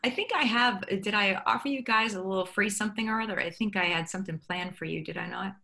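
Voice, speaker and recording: A woman's voice: medium pitch, fast talker, creaky. A middle-aged woman, a guest on an interview show, talking casually and acting out little exchanges as she tells stories. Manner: animated storyteller acting out quoted dialogue. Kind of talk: conversational interview.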